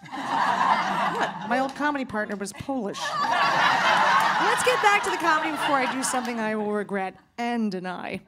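A woman's voice: high voice, sing-song, normal speed, long pauses, heavy background noise. Upbeat woman emceeing a comedy show. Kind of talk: introducing acts. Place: comedy club stage.

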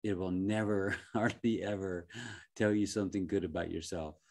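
Deep-voiced, gentle male life coach. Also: fairly even intonation. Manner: gentle, reflective, chuckles often, halting restarts. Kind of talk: reflective motivational talk.

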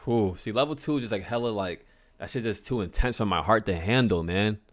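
A young man hosting a casual reaction video from home, excitable and nervous, swearing freely as he talks. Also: on the low side, fairly quick, dry recording. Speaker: host.

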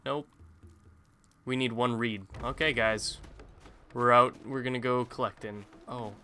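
A man's voice: medium pitch, steady tone, unhurried, sharp tone, a little hiss or hum. A man casually commentating his own gameplay, rambling with jokey self-mocking asides. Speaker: gaming YouTuber. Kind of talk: casual let's-play commentary.

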